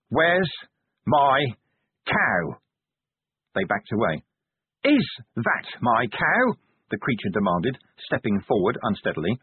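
A man narrating a novel as an audiobook reader, in measured storytelling. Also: slightly rough, no echo. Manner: measured storytelling with lively pitch. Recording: phone-like lo-fi audio.

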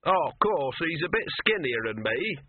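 A cynical, scruffy male talking dog, as a male narrator puts him on sneers and grumbles in a grudging, streetwise way. The husky voice comes through a tinny, dry, phone-like recording of a storybook reading. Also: fairly high pitch, big pitch swings, normal speed, dry recording, voice pushed up.

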